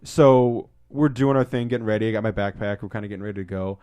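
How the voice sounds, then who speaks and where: A man co-hosting a podcast, telling stories in a casual, excitable way and swearing freely. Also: fairly low pitch, quick pace, smooth. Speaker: podcast co-host. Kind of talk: casual storytelling.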